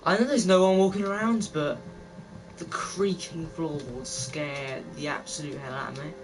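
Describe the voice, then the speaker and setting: A man's voice: on the high side, normal speed, noisy background. A young man giving nervous, joking commentary while playing a game. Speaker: gamer. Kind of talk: let's play commentary. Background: game music.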